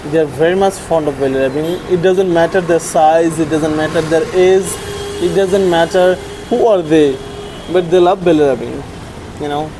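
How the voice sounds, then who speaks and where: A slow, unhurried speaker feeding stray dogs on a street, filmed on a handheld phone. They coo at the animals, call each one by name in high, coaxing calls, and describe what the dogs are doing between calls. Faint background noise sits under the voice. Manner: coaxing, affectionate talk to dogs, calling them by name; rises to high calls when summoning dogs. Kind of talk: casual narration while feeding animals.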